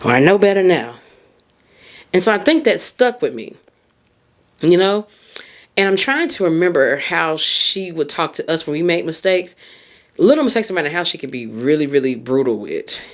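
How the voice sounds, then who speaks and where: A woman's voice: deep voice, animated, normal speed. A woman hosting a podcast, giving a casual motivational monologue in an emphatic, colloquial way, talking straight to the listener. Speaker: podcast host and mindset coach.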